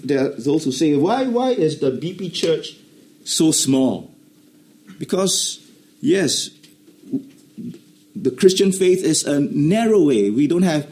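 Animated man preaching a sermon. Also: a little high. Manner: expository preaching, explaining Greek words, animated rises. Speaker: pastor.

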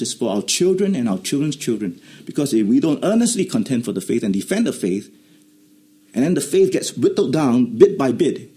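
A man preaching a sermon, explaining Greek words and rising to animated emphasis. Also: medium pitch. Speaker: pastor.

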